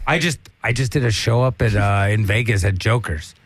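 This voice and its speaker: Gravelly, profane storytelling man. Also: fairly low pitch, brisk, dry recording. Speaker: stand-up comedian. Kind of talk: casual chat.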